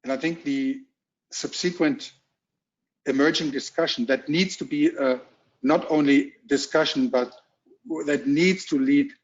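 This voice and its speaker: A middle-aged German man with a strong accent and a slightly high voice gives a keynote at a virtual roundtable as a corporate executive. He speaks haltingly and in a measured way with many ums, from a home or office on a video call, and the call mic makes the audio muffled.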